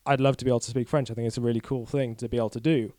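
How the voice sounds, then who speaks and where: Rapid-fire and warm, the medium-pitched voice of a young man in his 20s holds a steady tone in a dry recording. He's a cyclist guesting on a podcast, chatting casually, candidly and somewhat ramblingly, and making fun of himself.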